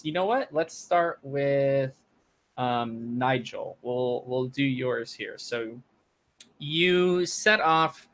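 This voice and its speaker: A man narrating as dungeon master in a relaxed, rambling way with many fillers. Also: mid-range voice. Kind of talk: narrating a tabletop game.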